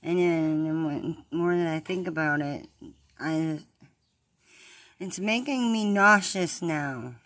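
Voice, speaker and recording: A distressed woman vlogger records a confessional video. She speaks slowly in a lowish voice and stops and restarts often. She repeats phrases and lets sentences trail off. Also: fairly bright tone, no echo. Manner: halting, repeats herself, trails off. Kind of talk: confessional vlog.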